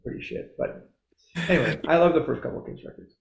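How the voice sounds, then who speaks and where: A man's voice: on the high side, fast talker, gravelly, roomy sound. A middle-aged man with a Canadian accent, chatting as a podcast guest in a rambling, self-interrupting way with frequent laughs. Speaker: guest musician. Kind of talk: casual podcast chat.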